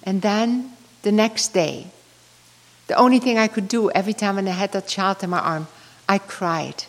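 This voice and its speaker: In a devotional talk, an older woman recounts a heartfelt personal story from the pulpit and finishes by leading a soft prayer. Her voice is medium-pitched at a normal pace, with the long reverb of a large hall.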